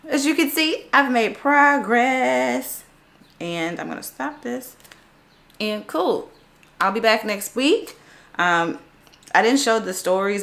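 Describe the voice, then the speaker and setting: A woman's voice: fairly low pitch, a bit bright. A woman talking casually in a vlog about learning a language, sounding out words as she goes. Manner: chatty, self-narrating, sounding out words aloud. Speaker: vlogger learning French.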